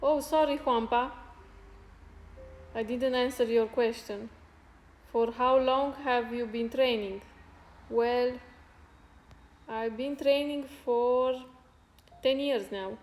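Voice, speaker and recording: Slow, soft-spoken woman in an echoey room. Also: a little high, steady tone. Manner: soft-spoken, halting, grateful. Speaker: fitness streamer. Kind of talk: casual live-stream chat with viewers. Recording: roomy echo with faint music.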